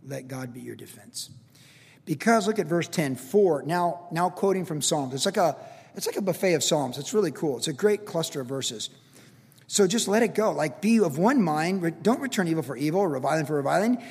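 A man preaching a conversational sermon as pastor, energetic and repetitive, talking straight to his congregation. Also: fairly high pitch, brisk, creaky, husky. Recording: long hall reverb.

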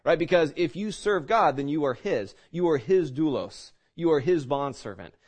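A man with a fairly high voice preaching in a loose, conversational way. He keeps asking his listeners questions and restarts his phrases as he goes. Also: expressive, normal speed, darkish tone. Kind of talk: sermon teaching.

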